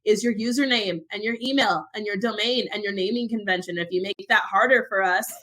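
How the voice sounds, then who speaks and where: A young woman co-hosting a podcast, talking in an animated, emphatic way as she rants about security advice. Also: mid-range voice, fairly quick. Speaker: podcast co-host. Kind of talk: casual podcast chat.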